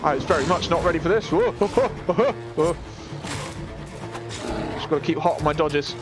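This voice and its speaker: A young British man casually commenting while he plays a game, chatty and excitable, often laughing. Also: fairly high pitch, very fast, music in the background. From Britain. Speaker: streamer.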